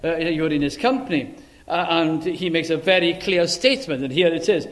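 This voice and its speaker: A man preaching a sermon in a dramatic way, swinging between loud emphasis and hushed, quiet lines. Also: a little high, normal speed.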